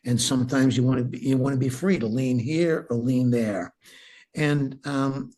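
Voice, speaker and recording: A man's voice: mid-range voice, fairly even intonation, normal speed, darkish tone. A man, a breathwork teacher, talking casually and enthusiastically in an interview, laughing often and restarting his sentences. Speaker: breathwork teacher, podcast guest.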